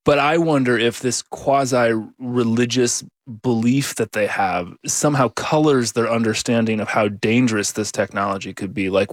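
A man hosting a radio interview who asks questions in a calm, curious way. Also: medium pitch, normal speed, hardly any pauses, no echo, studio quality.

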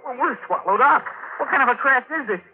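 An actor playing a brash, cocky teenage boy flying a rocket, talking in an excitable, boastful way in a 1950s radio drama. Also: very high voice, fairly quick. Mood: excited. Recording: tinny old radio recording with faint hiss.

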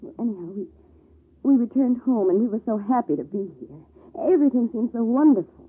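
An actress playing an anxious young wife in an old-time radio drama, speaking in a halting, nervous way. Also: female voice, a little high, lively intonation, slightly rough. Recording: lo-fi vintage radio recording.

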